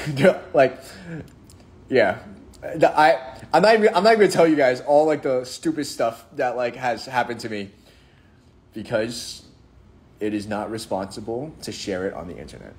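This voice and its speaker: A man's voice: medium pitch, lively intonation, normal speed. A young man hosting a casual live stream, reading viewer comments aloud and answering them in a playful, jokey, rambling way. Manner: playful, jokey, rambling with restarts and sudden mock-sad drops.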